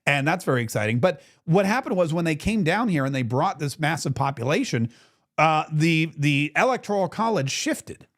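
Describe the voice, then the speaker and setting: A man hosting a political talk show, telling a rambling story in a casual, animated way. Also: a little high, normal speed. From Florida.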